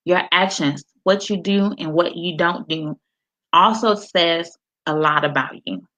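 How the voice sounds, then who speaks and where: Slow, low-voiced woman preaching self-love. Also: a bit bright. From Miami, Florida. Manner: preacherly, quotes scripture, greets viewers by name. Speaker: motivational speaker and author. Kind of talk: live-streamed inspirational talk.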